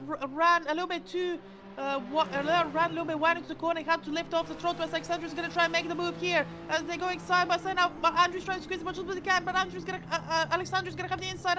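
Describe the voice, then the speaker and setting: A woman commentating a sim race live, excitable, often stumbling over words and correcting herself. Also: very high voice, fast. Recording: loud background noise.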